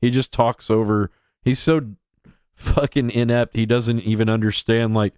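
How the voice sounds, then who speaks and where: A man's voice: on the low side, flat delivery, moderate pace, a little mellow, clear, resonant tone, dry recording, clean studio sound. A man streaming a crude, profane reaction commentary, scornful and rambling.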